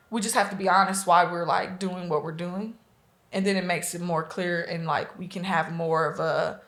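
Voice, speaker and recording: Earnest woman recounting loss, echoey room. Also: on the low side. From Omaha, Nebraska. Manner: earnest, many "like" fillers, quoting dialogue. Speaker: guest, Reiki practitioner. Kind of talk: emotional personal storytelling.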